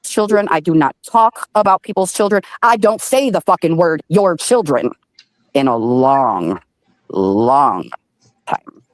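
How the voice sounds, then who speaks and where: A woman on a livestream delivers a profane, threatening rant. Her pitch swings wildly as she hammers each word. Her voice is close and dry, with no room sound. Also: animated, a little slow, no echo, poor audio. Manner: profane, threatening, heavy emphasis. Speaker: livestream host.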